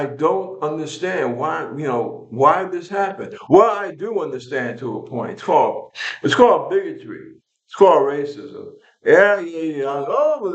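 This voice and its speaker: A man's voice: fairly high pitch, echoey room, highs cut off. An older man from New York, angry and blunt, ranting casually to his viewers with frequent restarts. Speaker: vlog host. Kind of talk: casual political rant to camera.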